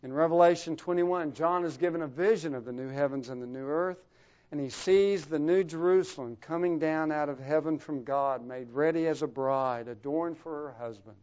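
A man preaching a sermon, his voice swelling louder for emphasis and then dropping to a near hush. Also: fairly high pitch, normal speed. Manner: rising and falling in volume for emphasis, dropping to a hush. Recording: dull lo-fi recording.

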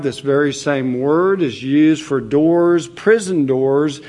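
Slow, earnest pastor preaching a sermon. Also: male voice, on the high side, a little mellow. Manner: measured, earnest preaching with occasional fillers.

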